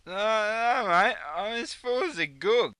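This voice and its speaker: A man's voice: sits high, unhurried, pushed and bright, clear, resonant tone, dry recording. A man with an Australian accent voicing a drunk male mate who keeps turning down another beer, slurring and apologetic. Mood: sheepish.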